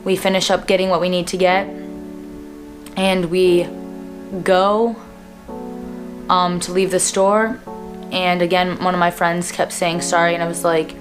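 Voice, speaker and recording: A woman in her twenties tells a personal story straight to camera, earnest and plain-spoken, often pausing on fillers. Her voice sits a little low for a woman. Soft music plays faintly underneath. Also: level tone. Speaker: vlogger.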